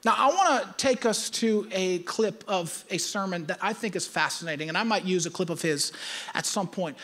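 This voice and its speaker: A man's voice: high voice, normal speed, fairly bright tone. A male pastor preaching, emphatic and teaching, repeating his key points. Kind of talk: sermon.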